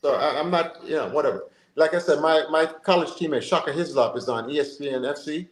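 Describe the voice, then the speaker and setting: A man, co-hosting a casual football podcast in an animated, rambling way. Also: on the high side, brisk, crowd noise. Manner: animated, rambling, full of fillers and asides. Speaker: podcast co-host. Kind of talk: casual chat. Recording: roomy echo.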